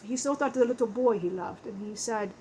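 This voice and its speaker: A woman telling an emotional spiritual life story in a halting way, often breaking off and restarting her sentences. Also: medium pitch, mellow, slight background noise, rough recording. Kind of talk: channeled personal storytelling.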